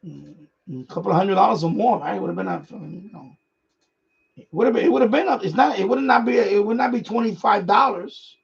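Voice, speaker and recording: Guy rambling on a radio live stream, gravelly high voice, kinda dull lo-fi sound. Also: brisk. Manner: rambling, repeats himself, chuckles often. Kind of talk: casual live-stream chat.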